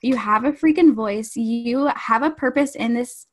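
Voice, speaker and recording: A woman's voice: on the high side, unhurried. A woman who is a podcast guest, chatting casually in a bubbly, giggly way and swearing for emphasis. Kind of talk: casual interview chat.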